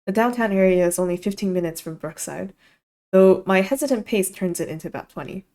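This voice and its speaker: A woman's voice: mid-range voice, animated, brisk, darkish tone. A young woman streamer reading a visual novel aloud, with giggly, rambling asides full of "like".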